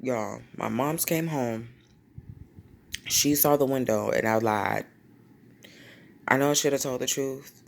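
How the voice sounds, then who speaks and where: A woman vlogger telling a personal story, lively and slangy, acting out quotes. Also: a bass voice, takes it slowly, gravelly, long pauses. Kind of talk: storytime vlog.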